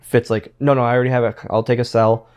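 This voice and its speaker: A man's voice: mid-range voice, little pitch movement, quick pace, a little mellow, clean tone. A man, a former pro wrestler, telling stories as a guest in a casual interview, rambling and repeating words as he quotes others.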